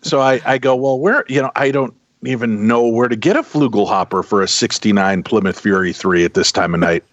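A middle-aged man casually telling a long personal story, animated and acting out the people in it. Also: lowish voice, fairly quick, hardly any pauses, no room sound. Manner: animated anecdotal, voices quoted people. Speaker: podcast guest telling a story. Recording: dull, dry close sound.

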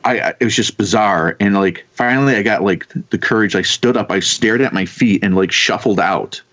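A man in his thirties telling a ghost story in casual chat, rambling and halting with many restarts and casual swearing. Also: lowish voice, fairly bright tone. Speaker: podcast guest telling ghost stories. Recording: dull lo-fi sound.

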